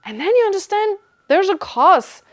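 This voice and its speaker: A woman from Germany, giving a Buddhist teaching to a class in a lively, joking way with rhetorical questions. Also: very high voice, moderate pace. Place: meditation centre teaching hall.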